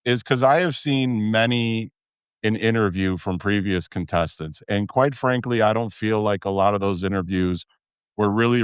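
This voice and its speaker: A man's voice: on the low side, smooth, no echo. A man with a Chicago accent hosting a podcast, talking candidly and chatting with guests, with frequent "uh"s. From Midwestern US. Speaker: podcast host. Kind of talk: casual podcast talk.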